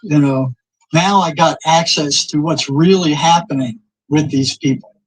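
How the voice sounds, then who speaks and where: Husky-voiced man telling rambling stories. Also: on the high side, unhurried, rough recording. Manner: rambling anecdotes, repeats words, acts out quoted exchanges. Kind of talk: casual storytelling.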